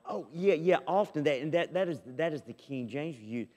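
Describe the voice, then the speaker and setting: A man preaching a sermon as pastor, emphatic and swinging between loud and soft. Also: a little high, lively intonation, moderate pace, long reverb tail. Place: church sanctuary.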